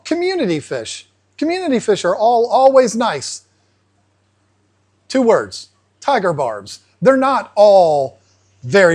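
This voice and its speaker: A man hosting an aquarium channel, explaining casually and acting out fish in playful asides. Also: fairly high pitch. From United States. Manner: animated, acts out fish voices in asides.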